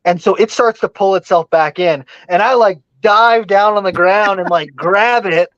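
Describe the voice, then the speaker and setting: A man telling a story in casual podcast chat, animated, swearing freely and using many fillers. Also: sits high, normal speed, no echo, highs cut off.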